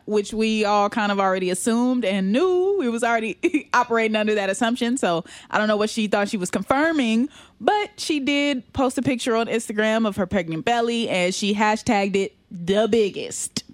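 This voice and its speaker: A woman's voice: fairly high pitch, normal speed, hardly any pauses, dry recording. A young woman co-hosting a casual pop-culture chat, talking freely and laughing often. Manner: chatty, laughs often, quotes people in put-on asides. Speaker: podcast co-host.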